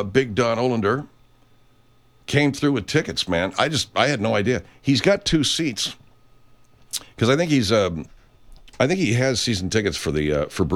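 A man hosting a radio show in casual chat, rambling, restarting sentences and swearing freely. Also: lowish voice. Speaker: host.

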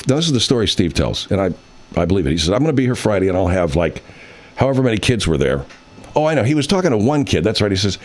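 A man's voice: medium pitch, lively intonation, quick pace. A man hosting a casual podcast pre-show, rambling and swearing freely as he tests his levels and tells a story. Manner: rambling, profane, self-deprecating. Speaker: podcast host.

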